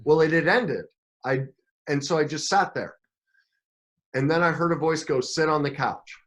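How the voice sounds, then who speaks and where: A middle-aged man, a coach and podcast guest, telling his own story in an emotional, animated way, with frequent restarts. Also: fairly high pitch, moderate pace. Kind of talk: storytelling interview talk.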